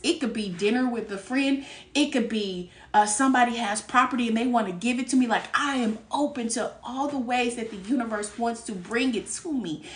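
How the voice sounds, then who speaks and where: A woman's voice: a little high, distant mic. Candid tarot-reading woman in an echoey room. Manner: candid, lively, laughs often, streetwise slang. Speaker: tarot reader. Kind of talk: live tarot reading stream. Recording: echoey room, voice a bit off-mic.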